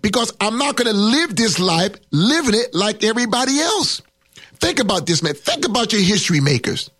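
Man preaching, high voice, dry close sound, emphatic sermon delivery, middle-aged pastor. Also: sing-song, a bit bright, dry recording. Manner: emphatic preaching, drawn-out words and rising pitch for emphasis.

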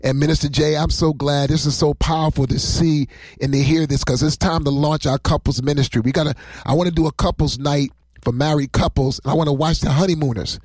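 A man's voice: fairly high pitch, fairly even intonation, a little fast, a little mellow, no echo. A man preaching on a livestream as a pastor, rambling and emotional, often breaking into laughter.

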